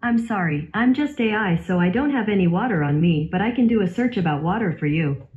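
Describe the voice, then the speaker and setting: A synthetic woman's voice playing a polite smart-speaker assistant, calm and even. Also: medium pitch, brisk, highs cut off.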